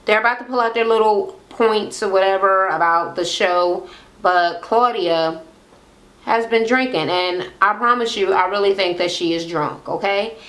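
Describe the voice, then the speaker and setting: A woman's voice: mid-range voice, moderate pace, fairly bright tone. A woman in casual chat recapping a reality show, blunt and profane, gossiping and acting out what people said.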